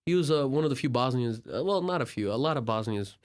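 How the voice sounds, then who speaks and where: A man's voice: mid-range voice, fast talker. Young Turkish-born man telling travel stories. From Turkey. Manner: animated, filler-heavy, acts out dialogue. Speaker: podcast guest, traveler. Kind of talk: casual storytelling.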